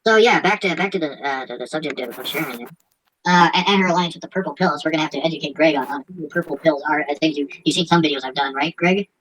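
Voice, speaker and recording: Fast-talking, low-voiced crude podcast host. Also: female voice, fairly bright tone, a little hiss or hum, low-quality recording. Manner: crude, mocking, laughs often; stumbles while reading aloud. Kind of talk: casual profane chat.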